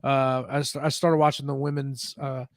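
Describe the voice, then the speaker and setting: A man's voice: medium pitch, level tone, moderate pace, gravelly, no room sound, clean studio sound. A man hosting a casual wrestling chat podcast, often stammering and restarting his sentences. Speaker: podcast host.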